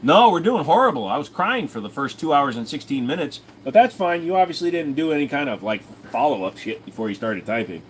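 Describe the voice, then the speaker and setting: Brief: male livestream host, crude and jokey, very lively pitch, faint room hum behind. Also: a little fast, few pauses. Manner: crude, jokey, slips into silly voices. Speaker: livestream host answering chat. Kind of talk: casual livestream chat. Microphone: desk microphone.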